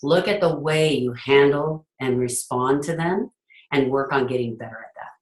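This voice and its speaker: Woman, middle-aged, low voice, earnest leadership coach, roomy echo. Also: moderate pace. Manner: earnest, acts out parents' voices. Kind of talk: casual talk to an audience. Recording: echoey room.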